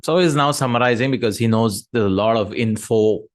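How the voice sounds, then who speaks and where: A man's voice: medium pitch, quick pace, no room sound. A man teaching Arabic grammar in a recorded lesson, explaining step by step and answering his own questions.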